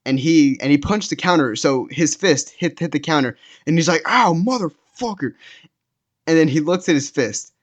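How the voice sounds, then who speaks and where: A man's voice: a little high, moderate pace, few pauses. A young man telling a story casually, rambling, with lots of fillers and restarts. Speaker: storytime vlogger.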